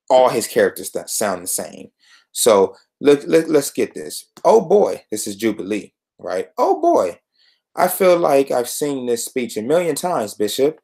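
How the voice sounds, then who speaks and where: A man's voice: fairly low pitch, darkish tone. A young man hosting a solo podcast, reviewing comic books in an exasperated, sarcastic rant.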